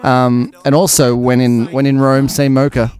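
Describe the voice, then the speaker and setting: A man's voice: mid-range voice, level tone, a little slow, a little mellow. A man hosting a podcast, chatting casually with jokes, asides and lots of ums. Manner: jokey, rambling, full of ums and asides. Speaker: podcast host. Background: faint music, stopping near the end.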